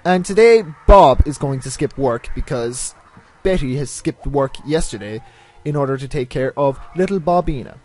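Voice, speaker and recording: A man's voice: medium pitch, animated, normal speed. A man with a stuffy, nasal voice from a cold, hosting a rambling, self-mocking let's play commentary. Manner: rambling, self-mocking, drifts between loud and mumbled asides. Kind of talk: casual gameplay commentary.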